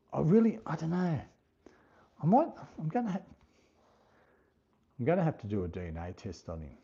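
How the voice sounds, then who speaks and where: A man's voice: fairly low pitch, a little mellow, husky, highs cut off. An Australian man hosting a livestream in casual chat, reading viewer comments aloud, thanking people by name and laughing often. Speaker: livestream host.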